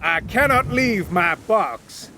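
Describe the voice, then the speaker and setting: A man's voice: high voice, expressive, slow pace, pushed and bright, a little hiss or hum, voice pushed up, full character voice. A man doing a frantic, half-mad man. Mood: desperate. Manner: pleading, frantic. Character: desperate, half-mad man clinging to a box.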